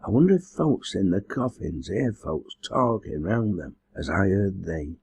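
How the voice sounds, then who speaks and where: A man's voice: low-pitched, animated, a little slow, creaky, darkish tone, slightly rough, no room sound, heavily acted. Man voicing a faint, listless woman. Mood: weak. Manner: faint, mechanical. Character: young countrywoman, weak and listless.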